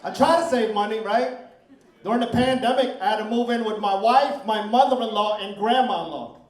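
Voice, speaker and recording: Middle-aged male stand-up, crude and chatty crowd worker, high voice, roomy live club sound. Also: normal speed, distant mic. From Philippines heritage. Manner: brash, crude, conversational crowd work. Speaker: stand-up comedian. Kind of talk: stand-up comedy set. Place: comedy club stage, live audience.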